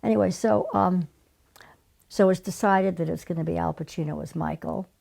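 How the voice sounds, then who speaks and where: A woman in her seventies, a casting director telling lively stories in an interview, with breathy whispered asides. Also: on the low side, moderate pace. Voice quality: gravelly. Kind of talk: anecdotal interview storytelling.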